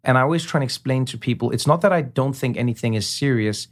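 A man, a comedian talking as a guest in a casual interview, animated and quick to slip into imitations. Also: mid-range voice. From South Africa. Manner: animated storyteller, slips into imitations.

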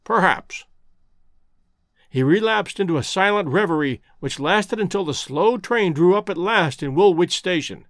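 A man reading a classic detective story as narrator, with expressive storytelling. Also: high-pitched, normal speed, hardly any pauses, dry recording, studio quality. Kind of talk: scripted narration.

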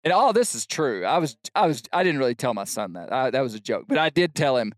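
A middle-aged man on a podcast telling a long funny story, animated and shouting out the lines he quotes. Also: mid-range voice, quick pace, few pauses, no room sound, studio quality. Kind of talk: casual storytelling chat.

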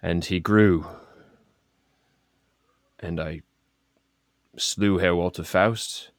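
A man's voice: low-pitched, fairly even intonation, drawn-out words, no room sound, studio quality, exaggerated voice. A man playing an earnest male adventurer in a tabletop role-play, speaking in a solemn, formal way as he explains things.

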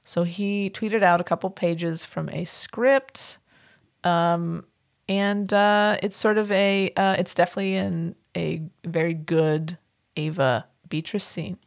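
A woman's voice: on the low side, steady tone, slow pace, gravelly. A woman co-hosting a podcast in casual chat, playful, slipping laughs between phrases. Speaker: podcast co-host.

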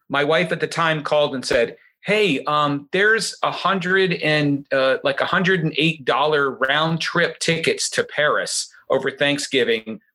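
Bright-voiced man telling a lively story. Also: fairly high pitch. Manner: animated, acts out quoted voices. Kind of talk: casual storytelling chat.

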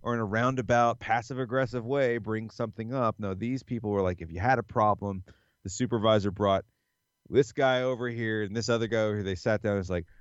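A man, chatting in a relaxed, rambling way as a podcast host. His voice sits low, and the recording is slightly dull and dry, with little room sound around it. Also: a little fast, clean tone, no echo. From American South. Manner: laid-back, rambling, with frequent fillers. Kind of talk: casual chat.

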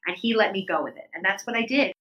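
A middle-aged woman telling her story as an interview guest, animated and leaping up in pitch when she quotes people. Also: quick pace, dull audio.

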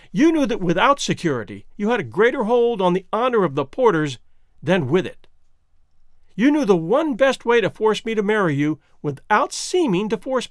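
A male reader doing a young woman's voice, proud and icy, lines pushed high and swinging wide, steady and cutting. the room is completely dry and close. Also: dry recording. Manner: cold, level and cutting.

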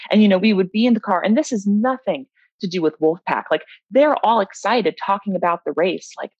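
A woman's voice: mid-range voice, a little fast, darkish tone, no echo. A young woman, a bike racer, giving open and reflective interview answers, with many "you know" fillers. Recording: dull, dry lo-fi audio.

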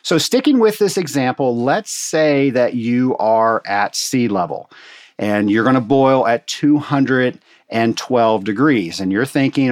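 A man talks through a technical problem in a relaxed, folksy teaching manner, explaining each step plainly and calling his listeners folks. His voice sits at an ordinary middle pitch for a man. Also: measured pace. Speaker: water treatment instructor answering a listener question. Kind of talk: casual instructional talk. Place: Atlanta.

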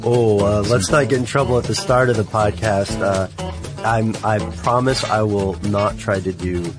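A man's voice: lowish voice, normal speed, music in the background. A man co-hosting a casual podcast, wry and easygoing. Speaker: podcast co-host.

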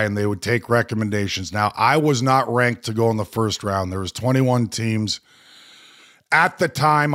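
Animated man telling stories. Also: medium pitch. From Canada. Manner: animated, candid, laughs while telling stories. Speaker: guest. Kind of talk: storytelling interview.

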